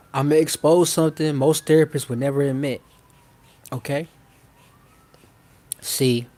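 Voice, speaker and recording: A man's voice: medium pitch, a little mellow. A man hosting a live-stream masterclass, talking in a slangy, emphatic way, repeating key phrases and checking in with his listeners. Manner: slangy and informal. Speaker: self-help channel host.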